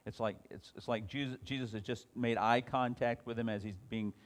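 A man's voice: mid-range voice, fairly even intonation, a little fast. A man teaching an informal Bible class, reading scripture aloud and then talking it over with frequent restarts. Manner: reads scripture aloud with rising emphasis, then talks it over with many restarts.

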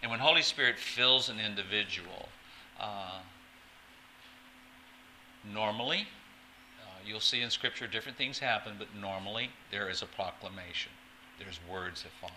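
A man's voice: fairly low pitch, moderate pace, pauses often, sharp tone, slight background noise, poor audio. A man preaching a conversational sermon as a pastor, often stumbling over and repeating words with chatty asides.

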